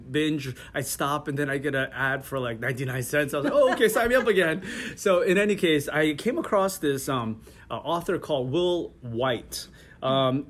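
A middle-aged man in a relaxed interview, talking with many restarts and frequent laughs. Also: fairly high pitch. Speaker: interview guest. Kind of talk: casual conversational interview.

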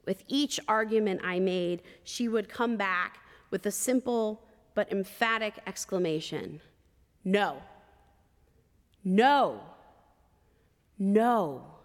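A woman preacher telling a personal story in a sermon, measured and expressive with vivid detail. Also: mid-range voice, big-room sound.

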